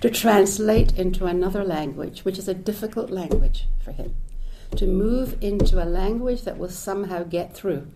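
A woman's voice: mid-range voice, moderate pace, hardly any pauses, noisy background. A woman giving a reflective public lecture, thinking aloud with restarts and asides, dropping Hebrew phrases into her talk. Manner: thoughtful, searching, with restarts and asides. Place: lecture hall.

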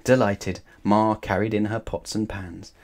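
A man reading a children's bedtime story aloud in a calm, measured way. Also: on the low side.

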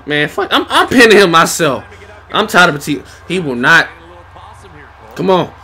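A man's voice: fairly high pitch, very animated, normal speed, pauses often, bright, forceful tone, breathy edge. Frustrated, swearing man gaming. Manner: talks to himself and the screen. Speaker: gamer. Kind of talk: casual gameplay commentary.

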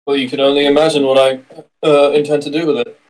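A man playing a tabletop game, playful and quick, describing what his character does. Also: fairly high pitch, little pitch movement, rough recording. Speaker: player. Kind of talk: casual tabletop play.

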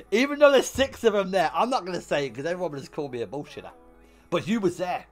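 A young man streams a game while telling rowdy stories, swearing freely and bursting into loud laughter. His voice is high and quick, with soft music in the background.

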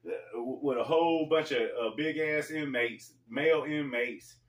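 A man hosting a casual storytelling vlog, talking in a laid-back, slangy way with pauses. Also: fairly high pitch. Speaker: storyteller host. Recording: echoey room, mic far off.

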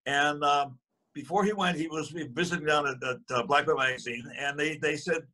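An elderly man in his eighties tells a story in a husky, slightly raised voice with a bright, forceful edge. He wanders, restarts and chuckles as he talks, in an easy conversational way. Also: fairly high pitch, fairly even intonation, fairly quick. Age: 80s. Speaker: guest. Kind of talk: casual storytelling.

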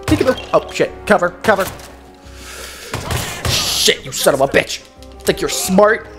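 Excitable cursing gamer man. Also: fairly high pitch. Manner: excitable, profane, jokey outbursts. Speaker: gaming commentator. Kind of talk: casual let's-play commentary.

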